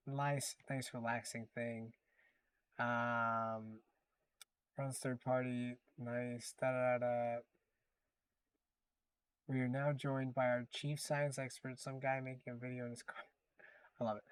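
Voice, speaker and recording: A man's voice: medium pitch, unhurried, a bit bright, no echo. A man hosting a livestream, chatting casually as he reacts to clips with amused, rambling asides. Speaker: livestream host.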